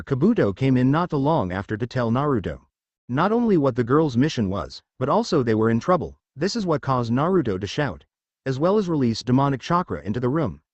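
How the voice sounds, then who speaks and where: Guy reading fanfic out loud, pitch goes up and down a lot, dry no-echo audio. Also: lo-fi sound. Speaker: narrator. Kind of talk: fan fiction read-aloud.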